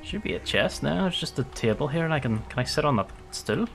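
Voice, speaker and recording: A man's voice: fairly high pitch, animated, fairly quick, creaky, a bit bright, soft background music. A man streaming a game, giving casual gameplay commentary, playful, swearing often and laughing a lot.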